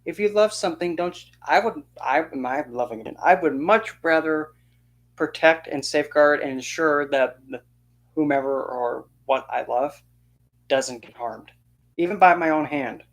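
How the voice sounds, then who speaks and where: A fired-up vlogger ranting in an indignant, sarcastic tone, voice pitched in the middle range. The speaker jumps between a frank, steady delivery and mocking little impressions of the people being criticized. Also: normal speed. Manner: indignant, sarcastic, mocks others in quoted voices. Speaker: occult channel host. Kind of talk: ranting opinion monologue.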